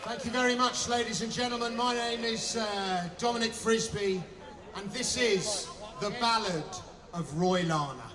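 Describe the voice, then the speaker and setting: Man, slightly high voice, slow chant-like ballad, loud guitar, echoey live stage sound. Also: recorded from a distance, a crowd in the background. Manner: rhythmic, chant-like delivery. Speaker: performer of a ballad.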